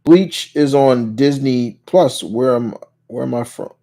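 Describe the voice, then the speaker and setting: A man's voice: medium pitch, slow, mellow. Rambling man hosting a livestream Q&A. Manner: rambling, many restarts and "you know"s; reads viewer questions aloud and answers them. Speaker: livestream Q&A host. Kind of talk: casual chat.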